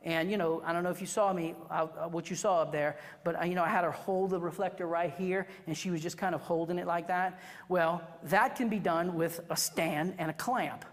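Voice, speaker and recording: A woman's voice: fairly low pitch, brisk. Woman teaching a photo class, chatty, acts out little scenes, big echoey hall sound. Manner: animated, chatty, acts out quotes with asides to the class. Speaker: photography instructor. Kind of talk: workshop teaching to a live class. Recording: reverberant hall recording.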